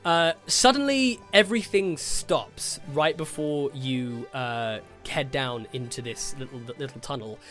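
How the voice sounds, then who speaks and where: A game master, narrating a tabletop game loosely and casually. The talk is full of fillers and little giggles, at a middling pitch over faint music. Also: measured pace, hardly any pauses, fairly bright tone.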